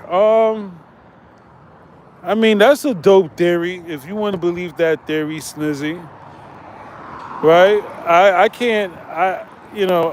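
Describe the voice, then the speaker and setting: High-voiced man rambling on a stream. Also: slight background noise. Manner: rambling, streetwise slang, repeats himself. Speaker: channel host. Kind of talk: casual livestream commentary. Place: outdoors near traffic.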